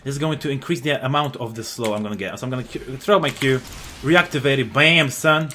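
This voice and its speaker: Narrating his own game as he plays, a man speaks a little fast at medium pitch, explaining his moves and swearing at enemies when excited. He often restarts and uses fillers, with slight background noise behind him.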